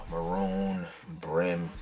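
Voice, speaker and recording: A man talking casually and excitedly as he unboxes fitted hats for his vlog, full of slang. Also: low-pitched, slow, faint music behind. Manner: excited slangy hype talk. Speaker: hat vlogger.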